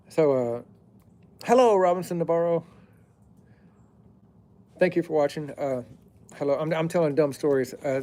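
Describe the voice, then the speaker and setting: Sitting outdoors by a fire, a middle-aged plumber on a live stream tells a rambling, casual story in a mellow, fairly high voice. He wanders off to greet viewers before returning to the tale.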